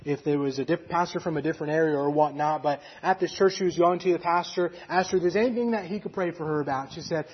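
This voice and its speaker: A man's voice: on the high side, fast talker, hardly any pauses, husky, dull audio. A man preaching, retelling a story in a conversational way with fillers and acted quotes. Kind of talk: sermon storytelling.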